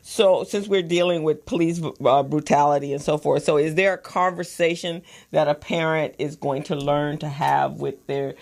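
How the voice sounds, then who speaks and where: A woman's voice: deep voice, steady tone, normal speed, creaky, hardly any pauses, darkish tone. A woman co-hosting a talk show, playful and teasing in casual chat. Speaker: co-host.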